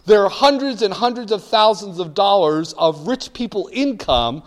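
An older man from the northern United States telling stories to an audience in an animated, emphatic, wry way. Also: high-pitched, unhurried. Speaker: speaker addressing an audience. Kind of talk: storytelling talk.

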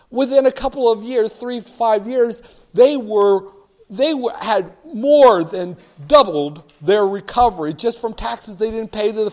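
Older man, from the northern US, fairly high voice, emphatic and wry, storytelling talk. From northern United States. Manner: animated, emphatic, wry storytelling with audience call-and-response. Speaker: speaker addressing an audience.

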